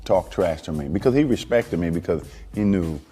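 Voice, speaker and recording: Very deep-voiced man telling a story. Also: normal speed, faint music behind. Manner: relaxed storytelling, laughs. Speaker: former basketball player. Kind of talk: interview anecdote.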